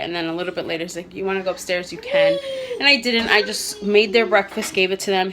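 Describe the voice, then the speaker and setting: A mother talks to her camera at home in a loose, rambling way, full of fillers and restarts. Her voice sits in a middle pitch. A faint hum of household noise stays underneath. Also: a bit bright. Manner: rambling, candid, many fillers. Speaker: vlogger, mother. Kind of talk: casual talk to camera. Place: home living room.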